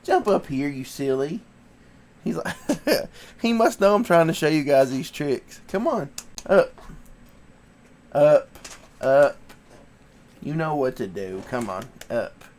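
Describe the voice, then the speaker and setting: A man's voice: fairly high pitch, sing-song, takes it slowly, pauses often, darkish tone. A man hosting a casual livestream, sniffly from allergies, chatting in an easygoing way and coaxing his dog to do tricks. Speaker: livestream host.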